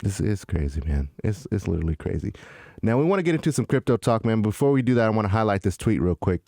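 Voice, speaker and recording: A man co-hosting a casual crypto podcast, animated and slangy, calling people "man" and "dude". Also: fairly low pitch, fast talker, vocal fry, no room sound. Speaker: podcast co-host. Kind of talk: casual chat.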